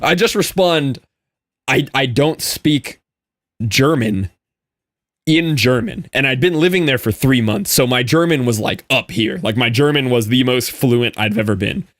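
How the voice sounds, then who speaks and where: A young man chats on a stream and tells an animated story, often breaking into laughter. His voice sits at a middle pitch. The sound is close and dry, with no room echo. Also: moderate pace, hardly any pauses. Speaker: Minecraft streamer. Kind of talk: casual live-stream chat with viewers.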